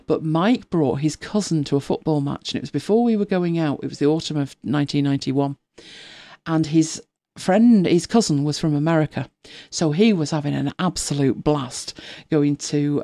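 A woman's voice: low-pitched, mellow. Chatty woman in her fifties. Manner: chatty, rambling, laughs often, drops to a whisper at times. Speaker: podcast co-host. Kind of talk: casual chat.

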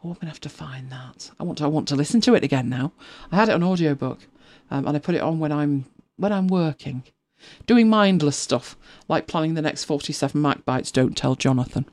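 A woman's voice: low-pitched, lively intonation, fairly quick, darkish tone. A woman in her fifties hosting a podcast in casual, rambling chat, laughing often and now and then dropping to a whisper. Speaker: podcast co-host.

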